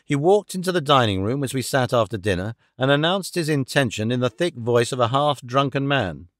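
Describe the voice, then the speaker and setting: A man narrating a classic story as an audiobook reader, with a measured storytelling delivery. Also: mid-range voice, expressive, no room sound, studio quality. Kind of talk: scripted narration.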